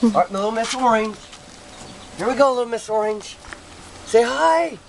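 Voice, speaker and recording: A woman's voice: fairly high pitch, steady tone, brisk, a little hiss or hum, rough recording. A woman making a home video, calling and cooing to her puppies in sing-song baby talk. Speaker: puppy owner.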